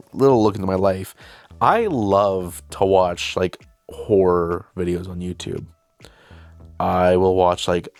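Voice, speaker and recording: A man's voice: deep voice, vocal fry, a little mellow, no room sound. A young man hosting his own channel, telling a casual, rambling, self-deprecating story about making a film. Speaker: video host and filmmaker.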